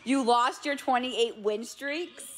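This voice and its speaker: A woman's voice: fairly high pitch, takes it slowly, slight background noise. A woman hosting a casual livestream from home, chatting with viewers, answering their comments and laughing often. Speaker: livestream host. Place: home with a loud TV nearby.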